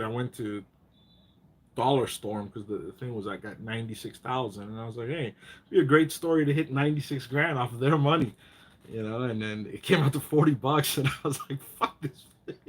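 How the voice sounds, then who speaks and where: A man's voice: medium pitch, expressive, normal speed, breathy edge. A man hosting a casual live chat, telling rambling stories full of profanity and getting worked up.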